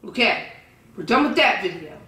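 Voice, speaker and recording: A woman vlogger reading viewer comments aloud and answering them with a profane, insulting rant, often yelling. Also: medium pitch, very animated, moderate pace. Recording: roomy echo, distant from the mic.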